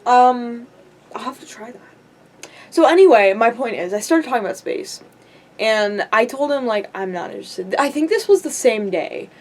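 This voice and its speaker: A woman's voice: fairly high pitch, animated, moderate pace. A young woman telling a rambling storytime vlog, full of likes and ums and giggling asides. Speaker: vlogger.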